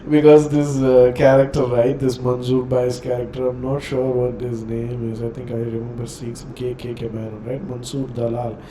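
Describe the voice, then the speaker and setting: A man hosting a reaction video in casual commentary, often pausing to search for words. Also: medium pitch, little pitch movement, noisy background.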